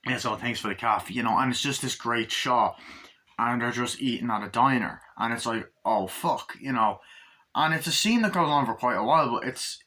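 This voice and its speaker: A man giving a casual, rambling movie review, swearing a lot and acting out bits of the scenes in quick mock voices. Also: medium pitch, sharp tone. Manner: loose, profane, quotes the scenes in mock voices.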